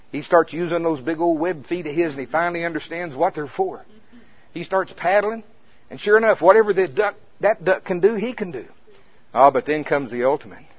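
A pastor telling a folksy story in a conversational sermon, with a casual manner. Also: male voice, a little high, husky. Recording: muffled lo-fi recording.

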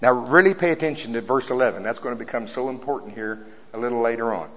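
A man preaching a sermon who reads scripture slowly and forcefully, then explains it in a casual, joking way. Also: mid-range voice. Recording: dull sound in a reverberant hall.

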